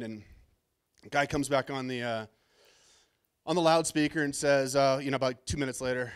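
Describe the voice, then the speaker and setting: A man's voice: mid-range voice, fairly even intonation, moderate pace, long pauses, clean tone. A middle-aged man from Southern California giving his first conference keynote, telling stories in a casual, self-deprecating and slightly nervous way on a stage microphone. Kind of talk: casual storytelling keynote talk.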